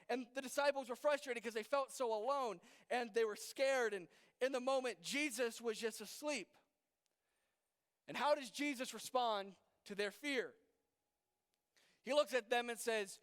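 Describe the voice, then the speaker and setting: High-voiced young man preaching in a hall. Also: normal speed, fairly bright tone. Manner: casual, conversational preaching with many fillers and rhetorical questions. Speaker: youth pastor. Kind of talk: youth group sermon. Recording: long hall reverb.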